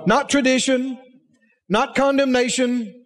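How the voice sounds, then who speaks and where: A man's voice: very high voice, fairly even intonation, a little slow, in a large hall. A man preaching a sermon, emphatic, asking the congregation rhetorical questions.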